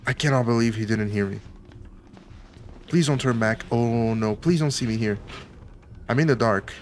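A man's voice: medium pitch, normal speed, slight background noise. A man commenting on his own horror game playthrough, playful and jumpy, talking to himself as he sneaks around. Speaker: gaming YouTuber. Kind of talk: let's play commentary.

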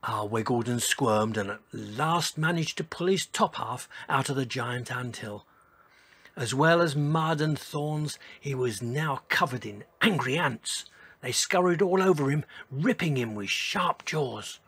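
A man reading a children's storybook aloud in a gentle, expressive way. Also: medium pitch, measured pace, slightly rough, no room sound. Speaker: narrator.

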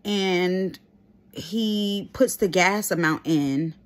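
Chatty woman with a low voice. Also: extremely slow. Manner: chatty and animated, full of fillers and laughs. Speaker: vlogger. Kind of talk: casual storytime chat.

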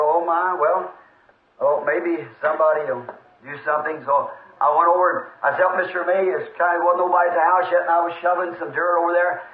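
A man preaching a storytelling revival sermon with a Southern American accent, fervent and excitable, breaking into shouted praise, recorded in a church on old tape. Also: a little high, roomy sound, phone-quality sound.

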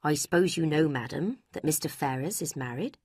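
A woman voicing a plain, deferential male manservant in a lower, respectful tone. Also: lively intonation, fairly quick, darkish tone, slightly rough, no echo, studio quality.

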